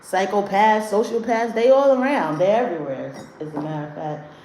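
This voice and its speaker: A woman hosts a casual livestream and talks straight to her viewers in a blunt, profane way, snapping back at the chat. Her voice sits at an ordinary middle pitch. It rings with room echo over a faint background hiss. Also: normal speed, warm tone. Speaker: livestream host doing card readings. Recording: roomy echo, faint noise.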